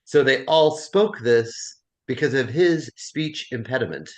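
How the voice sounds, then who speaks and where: A man's voice: mid-range voice, animated, measured pace. A man leading a Bible class, telling a story in a chatty way and encouraging his students. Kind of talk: casual class discussion.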